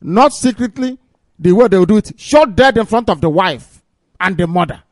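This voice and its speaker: Brief: male radio host, slightly high voice, courteous moderator, dry close sound. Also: expressive, moderate pace, no echo. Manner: polite, repeatedly thanking and urging speakers to use English. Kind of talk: live radio call-in broadcast.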